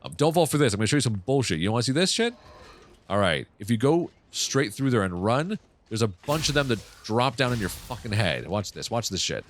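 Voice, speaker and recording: A man casually commenting on his own game playthrough, swearing often and reacting loudly to what happens on screen. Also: mid-range voice, sing-song, fairly quick, a little hiss or hum. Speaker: gaming channel host. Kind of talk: casual let's play commentary.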